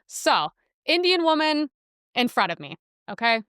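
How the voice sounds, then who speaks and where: A woman's voice: sits high, sing-song, measured pace, a bit bright, no echo, studio quality. A young woman hosting a podcast in a casual, blunt monologue, full of filler words and crude asides. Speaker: podcast host.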